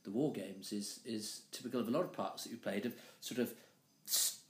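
A man's voice: lowish voice, a little fast, echoey room. A man hosting an interview, asking hesitant, searching questions. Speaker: interviewer host.

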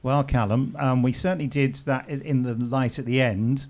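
A man's voice: medium pitch, steady tone, normal speed, darkish tone. A man hosting a podcast at a party, joking, teasing and laughing with guests. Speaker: podcast host. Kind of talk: casual chat at a party.

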